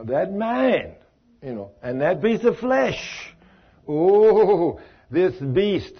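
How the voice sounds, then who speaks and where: Man, husky voice, fairly high-pitched, folksy Bible study teacher, dull lo-fi recording. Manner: folksy, addresses listeners by name, asks them questions.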